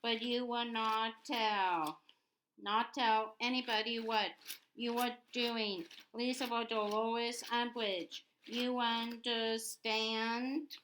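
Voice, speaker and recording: A woman reading the lines of a cold, sneering male teacher in a quiet, smooth way, spelling words out, in a noisy home recording. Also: on the high side, flat delivery, slow.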